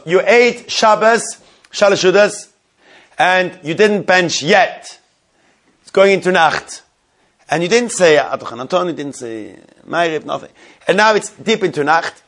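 A man's voice: a little high, fairly bright tone. A man teaching a religious law class to a live group, repeating key points and putting questions to his listeners.

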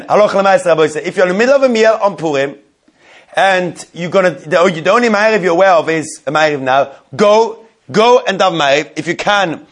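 A man teaching a religious law class to a live group, repeating key points and putting questions to his listeners. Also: fairly high pitch.

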